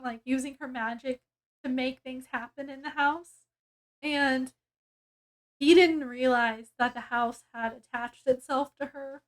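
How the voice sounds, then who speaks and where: A woman's voice: high-pitched, takes it slowly, fairly bright tone. A woman reviewing a book, casually retelling its plot in a rambling way with many fillers and restarts.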